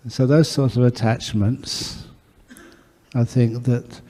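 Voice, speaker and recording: Male monk teacher, mellow voice, anecdotal dharma talk, long-reverb monastery hall. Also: medium pitch, steady tone, slow pace, pauses often. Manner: warm anecdotal storytelling with acted dialogue.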